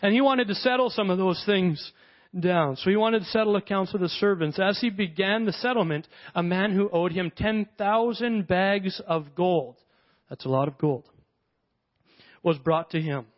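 High-voiced man preaching casually. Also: normal speed, lo-fi sound. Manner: conversational, acts out characters in the parable. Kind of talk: sermon.

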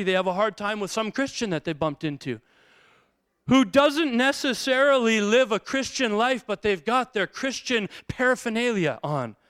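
A middle-aged male pastor giving a sermon with lively storytelling, acting out the people in his stories. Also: extremely high pitch, clean tone, no room sound, clean studio sound. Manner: storytelling, acts out quotes in bursts.

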